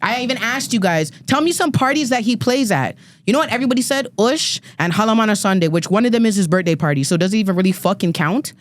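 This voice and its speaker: A woman's voice: medium pitch, animated, fast, no room sound. A woman in her thirties on a podcast panel, delivering a heated, profane rant with emphatic repeats and stumbles. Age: 30s. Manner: ranting, emphatic, profane, repeats words when fired up. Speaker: guest panelist.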